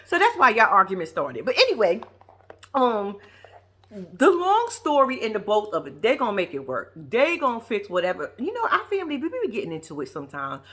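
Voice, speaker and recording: A woman's voice: mid-range voice, huge pitch swings, a little fast, a bit bright, husky. A young woman from New York giving casual, profane reaction commentary as a vlogger, laughing and acting out the people she talks about. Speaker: reality TV recap vlogger.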